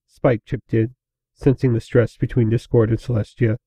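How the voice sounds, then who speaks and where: A man narrating a fan fiction story aloud in a slow, measured way. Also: medium pitch, level tone, mellow, slightly rough, no echo.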